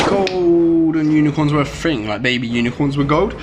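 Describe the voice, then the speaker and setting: A man giving casual, rambling commentary on a mobile game, with lots of ums and sudden excited outbursts. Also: fairly high pitch, normal speed, hardly any pauses, very noisy.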